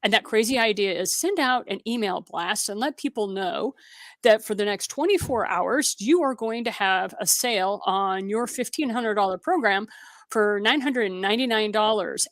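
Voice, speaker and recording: A woman's voice: medium pitch, lively intonation, moderate pace, dry recording, clean studio sound. A woman from Missouri, a guest entrepreneur in an interview, telling stories in a direct way and acting out the dialogue she quotes. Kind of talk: interview conversation.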